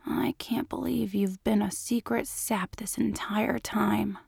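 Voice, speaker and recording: A woman voicing a fond man agent who coaxes and teases gently. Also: medium pitch, little pitch movement, moderate pace, clear, resonant tone, dry recording, clean studio sound, close to an everyday voice. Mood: teasing whisper. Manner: gentle, coaxing and teasing. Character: fond teasing man, FBI agent, coaxing.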